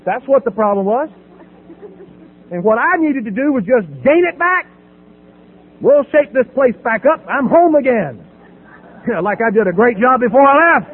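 A man's voice: very high-pitched, animated, moderate pace, long pauses, breathy edge. A middle-aged man sharing his recovery story from a podium, telling it with humor and acting out the voices in dialogue. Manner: storytelling, acts out voices in dialogue, laughs at himself. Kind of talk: personal testimony from a podium. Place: meeting hall at a podium. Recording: tinny phone-like sound with mains hum.

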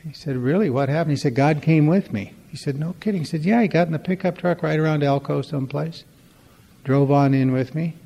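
A man's voice: a little high, brisk, creaky, mellow, in a large hall. A man giving a storytelling talk at a recovery meeting, conversational and wry, acting out the dialogue in his stories.

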